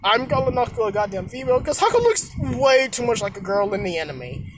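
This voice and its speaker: A fan storyteller improvises a what-if tale, rambling, correcting themselves, and swearing casually now and then. The voice is medium-pitched and brisk, with big swings in pitch, against a noisy background.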